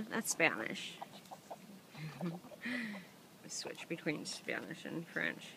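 A woman's voice: sits low, lively intonation, very slow, creaky, long pauses, noisy background. A woman in a playful, chatty home video, greeting her chickens and her viewers in a sing-song voice, often laughing, outdoors in a chicken yard. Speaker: vlogger and backyard chicken keeper.

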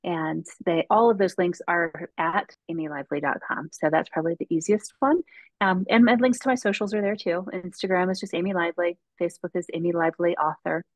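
A woman's voice: on the low side, fairly quick, no echo, low-quality recording. A woman guest author telling a faith story in an earnest way on a casual podcast, with frequent ums and restarts.

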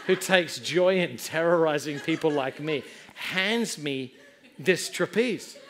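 A middle-aged male pastor preaching a sermon, telling a story with animated, self-mocking comedy. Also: fairly high pitch. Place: church service before a laughing congregation.

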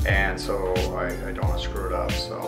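A man's voice: sits low, monotone, fairly quick, loud music behind the voice. A man making a casual travel vlog about his life as an artist, chatty and self-mocking, laughing often. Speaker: vlogging artist.

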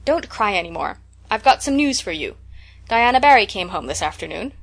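A woman doing a stern, brisk spinster. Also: mid-range voice, very animated, vocal fry. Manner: brisk, scolding. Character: stern, practical middle-aged spinster.

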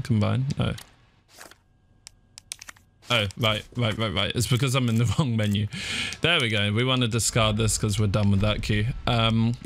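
A young man commentating his own horror game playthrough, talking through every move and breaking into shrill panicked yelps when startled. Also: fairly bright tone, a little hiss or hum. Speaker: gaming streamer. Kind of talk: let's play commentary. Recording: game sounds and clicks behind the voice.

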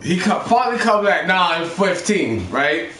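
A man's voice: high voice, sing-song, unhurried, pushed and bright, roomy sound, slight background noise. Profane rambling young man telling a story. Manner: rambling, profane, acts out quotes. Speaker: storyteller among friends. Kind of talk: casual storytelling chat.

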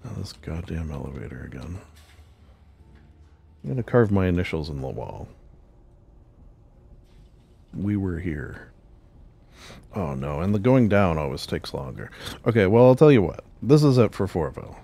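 Man, gaming commentary, gravelly, husky, rambling, jokey. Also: deep voice, sing-song, a little fast, dark tone. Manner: rambling, jokey, talks to himself. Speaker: gaming channel host. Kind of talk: casual role-play game commentary.

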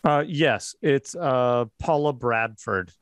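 A man narrating as game master for a tabletop role-playing game, pausing and restarting often. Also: mid-range voice, clean tone. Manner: hesitant, many restarts.

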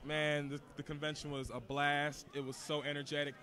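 A man, a guest performer, talking in an energetic, joking way. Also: a little high, normal speed.

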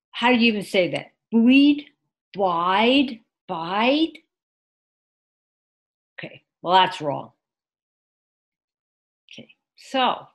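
A woman teaching an online English class, speaking patiently, repeating words and adding short Mandarin glosses. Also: mid-range voice. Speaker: ESL teacher. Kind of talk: online class lesson with screen sharing.

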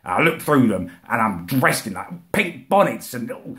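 A man ranting in a comic monologue to camera. He is indignant, swears and repeats himself, and his voice swerves into shrill outrage. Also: sing-song, normal speed, hardly any pauses, sharp tone.

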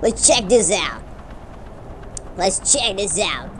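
A woman's voice: medium pitch, sing-song, takes it slowly, a little hiss or hum. A woman giving rambling casual commentary while playing a game, often correcting her own slips. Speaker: gamer.

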